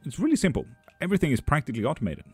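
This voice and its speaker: A man's voice: on the high side, huge pitch swings, racing, darkish tone, breathy edge, no room sound, faint music behind. Teasing, dry-humored male stream reader. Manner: reads chat questions aloud in a lifted voice, then answers dry and teasing. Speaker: live-stream tarot and bone reader. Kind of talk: casual live-stream chat, answering viewer comments.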